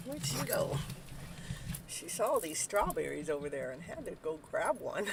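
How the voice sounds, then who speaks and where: A woman hosting a live tarot reading stream, chatting casually, joking and breaking into whooping cheers, then dropping to soft murmurs. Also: mid-range voice, background noise. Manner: talks softly while eating, then bursts out loud. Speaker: live tarot reader and show host.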